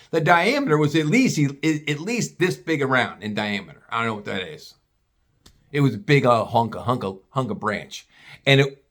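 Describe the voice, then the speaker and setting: A man spins a rowdy tale in a casual, conversational way, swearing freely. His voice sits a bit high and swings up and down with the telling. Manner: animated, profane, conversational. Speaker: storyteller. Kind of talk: casual storytelling.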